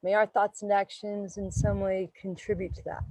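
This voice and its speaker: A woman yoga teacher giving slow, soothing, meditative guidance during a class in a studio. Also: mid-range voice, level tone, dark tone, dry recording, poor audio. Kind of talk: guided yoga class instruction.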